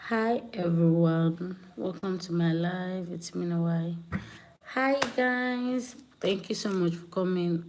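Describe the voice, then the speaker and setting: A woman's voice: fairly low pitch, mellow, slight background noise. A woman hosting a casual livestream, chatting with viewers and greeting them by name. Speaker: livestream host.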